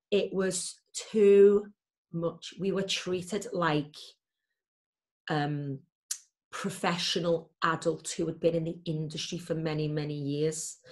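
A woman, a guest in an interview, telling her story candidly and emphatically with lots of fillers. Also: medium pitch.

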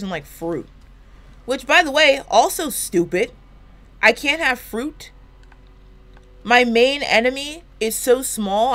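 A woman with a slight lisp rambles while she plays a video game. Her pitch swings widely as she complains and swears in a loose, joking way. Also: a bit bright. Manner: rambling, profane, jokey complaining. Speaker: gaming YouTuber. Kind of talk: casual chat while playing a video game.

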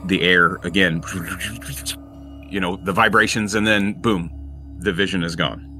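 A man narrates a tabletop game at a very slow, descriptive pace, his voice bright and forward, with frequent "um"s. Faint singing-bowl music plays behind him. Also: sits low, fairly even intonation. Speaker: game master.

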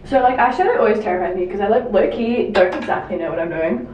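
A woman's voice: medium pitch, expressive, quick pace, far from the mic, dull audio, a little hiss or hum. Chatty young woman, echoey room. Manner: chatty, self-deprecating, full of fillers. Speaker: beauty vlogger. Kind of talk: get-ready-with-me makeup chat.

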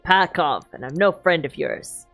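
A surly male criminal snaps back in a lowered, curt voice, as a woman puts him on. He is dismissive and unfriendly, a gruff tavern regular from a video game. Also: big pitch swings, a little slow, a bit bright, faint music behind, full character voice. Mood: hostile. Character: hostile male criminal who hates mice.

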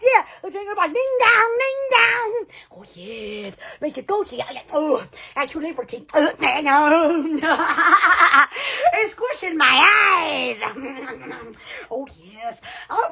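A woman's voice: high-pitched, huge pitch swings, takes it slowly, pushed and bright, raised voice. A woman chatting on a live stream, laughing a lot and crying out "oh, yes" over and over. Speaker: online shop owner on a live stream. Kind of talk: excited casual live stream chat.

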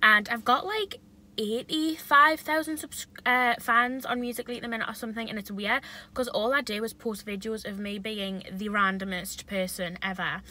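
A woman's voice: medium pitch, steady tone, brisk, sharp tone, poor audio. A young woman chatting casually to camera in a mukbang vlog, talking while she eats. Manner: chatty, talks while eating. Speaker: vlogger.

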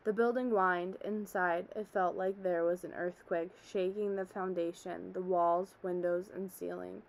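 A woman's voice: lowish voice, steady tone, unhurried, creaky, low-quality recording. A woman reading a story aloud, telling it as a man who survived a disaster, in an earnest, haunted way. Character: middle-aged man, former office worker, shaken survivor.

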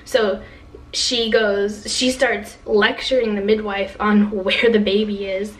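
A woman's voice: medium pitch, level tone, takes it slowly, distant mic, rough recording. A young woman telling a long personal story in a casual vlog, chatty, with lots of fillers as she quotes what others said. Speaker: vlogger.

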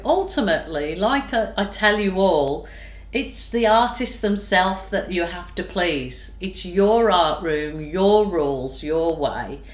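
A woman painter from Australia, gushing with exclamations as she chats casually to her viewers while painting. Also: mid-range voice. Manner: gushing, exclamatory, drawn-out delight. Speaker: fluid art painter. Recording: echoey room.

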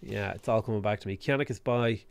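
A man's voice: lowish voice, quick pace, creaky, clean tone, no echo. A man from Ireland chatting casually on a live stream while playing a strategy game and reading chat, rambling and often repeating words as he thinks.

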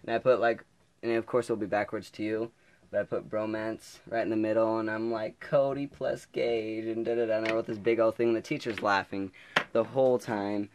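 A teenage boy spins a casual story from his school days, with a fairly low voice. He rambles, restarts and laughs as he talks to his viewers. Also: brisk, a little hiss or hum. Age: teens. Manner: rambling, laughing, animated retelling. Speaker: vlogger.

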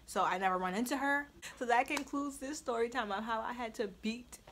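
A woman's voice: on the high side, brisk, fairly bright tone, slight background noise. A young woman telling a story on her vlog in a blunt, profane way, with frequent laughs. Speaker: storytime vlogger. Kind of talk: casual storytelling.

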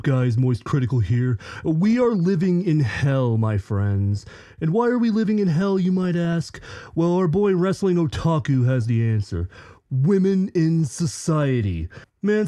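A man doing an impression of a deadpan, sardonic male internet commentator with a dry, sarcastic drawl. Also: fairly high pitch, no room sound.

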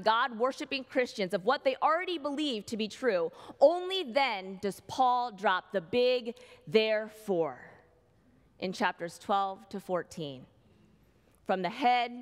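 A woman pastor delivering a sermon, slow and emphatic, with dramatic pauses, recorded in a church sanctuary. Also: on the high side, fairly bright tone. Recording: long hall reverb.

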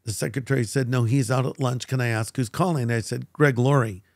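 A man's voice: medium pitch, fairly quick, gravelly, no echo. Older man telling a story, dry close sound. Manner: animated storyteller who acts out quoted voices. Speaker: guest pastor. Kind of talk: storytelling interview.

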